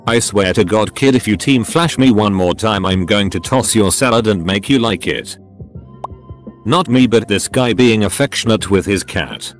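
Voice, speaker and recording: Low lively male narrator, faint music. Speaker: narrator reading online posts. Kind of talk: scripted narration.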